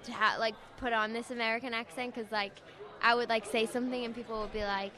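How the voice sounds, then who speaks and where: A shy young woman with an English accent, answering interview questions in a soft, hesitant way, full of fillers. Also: fairly high pitch, little pitch movement, quick pace. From England. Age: young adult. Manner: shy, soft-spoken, trails off with many fillers. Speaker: singing contestant guest. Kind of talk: casual radio interview answers. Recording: crowd chatter at a busy event. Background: event crowd.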